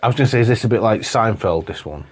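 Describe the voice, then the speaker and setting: A man's voice: on the low side, animated, racing, husky. A man co-hosting a podcast, chatting casually in jokey banter and laughing often. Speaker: podcast co-host. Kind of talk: casual chat.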